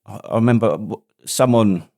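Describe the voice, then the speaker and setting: A man's voice: lowish voice, normal speed, creaky, a little mellow. A man, a podcast host and army veteran telling stories in casual, laughing banter. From United Kingdom. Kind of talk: casual chat.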